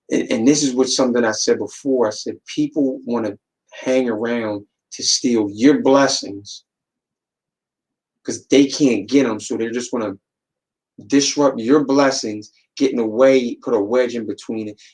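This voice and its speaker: A man's voice: mid-range voice, fairly even intonation, normal speed, a little mellow, poor audio. Preachy male podcast host. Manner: preachy, repeats words for emphasis, acts out quotes. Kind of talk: casual motivational talk.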